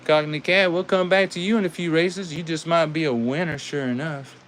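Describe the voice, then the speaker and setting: His voice is a little high, with fairly even intonation and a fairly bright tone, and a little hiss or hum runs underneath. He's a Southern-accented American man hosting a live toy car race, drawling out folksy, casual commentary full of "y'all."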